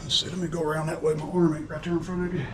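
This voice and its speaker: A man's voice: fairly high pitch, little pitch movement, racing, very noisy. A man hosting a repair channel, talking in a folksy way to himself and the viewer while he works, a little out of breath. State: slightly out of breath. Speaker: mower repair channel host. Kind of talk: hands-on repair demonstration.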